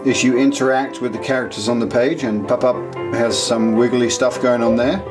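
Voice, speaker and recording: A man's voice: medium pitch, level tone, moderate pace, over music. A man casually demonstrating and reviewing an app, talking with frequent fillers and restarts. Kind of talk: casual demo walkthrough.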